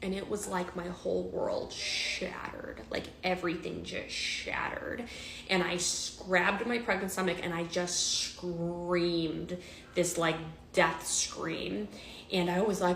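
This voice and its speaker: A woman's voice: on the low side, steady tone, unhurried, creaky, fairly bright tone, reverberant, a little hiss or hum, rough recording. A woman telling a personal story in a storytime vlog, emotional and repetitive with many restarts.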